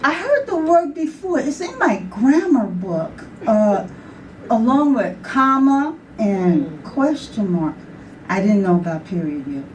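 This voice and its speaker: Slow, high-voiced New York poet, storytelling live, mic some distance away with faint room noise. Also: female voice, expressive. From New York City. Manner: storytelling with acted voices and laughter. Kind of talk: live poetry reading. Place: bar with live audience.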